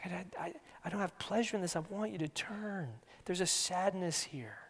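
A man preaching an earnest sermon, repeating his words and shifting between hushed near-whispers and loud emphasis. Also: sits high, moderate pace, breathy edge. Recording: long hall reverb.

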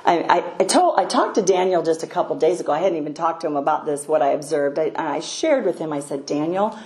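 An older woman giving a devotional talk, unhurried and hesitant, pausing often. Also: deep voice, darkish tone. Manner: unhurried, hesitant, many pauses. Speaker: speaker sharing a devotional story. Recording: echoey room, faint ambient noise.

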